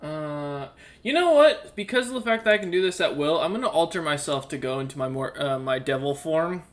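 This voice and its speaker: A man's voice: on the high side, lively intonation, fairly quick. A man playing a tabletop game, talking casually with lots of fillers. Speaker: player.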